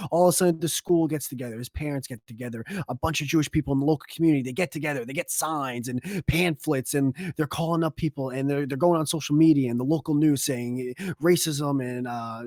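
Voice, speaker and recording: A man's voice: on the high side, fast, few pauses, darkish tone, no echo, studio quality. A man co-hosting a casual podcast, telling a long rambling story with plenty of swearing. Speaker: podcast co-host.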